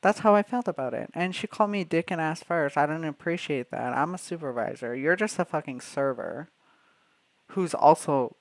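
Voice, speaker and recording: A man's voice: a little high, lively intonation, normal speed, creaky, no room sound. A young man from Canada, a streamer telling a workplace story in casual livestream chat, swearing freely.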